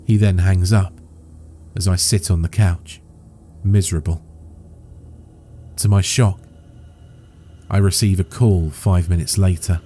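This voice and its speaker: A man reading a first-person horror story aloud in a slow, steady storytelling way. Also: sits low, slight background noise.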